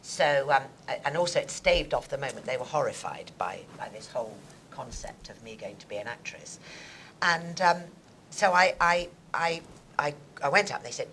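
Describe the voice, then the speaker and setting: A woman in her sixties with a posh English accent, an actress telling her life story in a lively, theatrical way. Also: rumbling low, moderate pace, slight background noise, poor audio. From England. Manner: animated, theatrical, acts out other people's voices. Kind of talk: conversational storytelling on stage.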